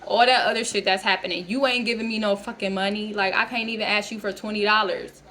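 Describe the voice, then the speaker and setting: A woman's voice: mid-range voice, fairly even intonation, fast talker, sharp tone. A woman in her thirties ranting bluntly to camera in a vlog, heated and full of profanity. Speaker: vlogger. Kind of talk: casual rant to camera.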